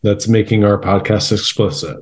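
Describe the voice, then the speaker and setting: A man's voice: lowish voice, steady tone, moderate pace. A man co-hosting a casual podcast chat, laid-back and self-deprecating. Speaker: podcast co-host.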